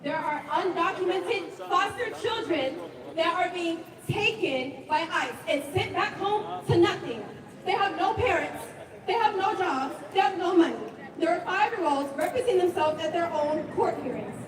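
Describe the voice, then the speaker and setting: A woman's voice: extremely high pitch, expressive, moderate pace. A woman giving a nervous but fiery speech at an outdoor protest, often asking the crowd "all right?". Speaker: protest speaker. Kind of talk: impassioned rally speech. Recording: echoey, distant, loud crowd and street noise.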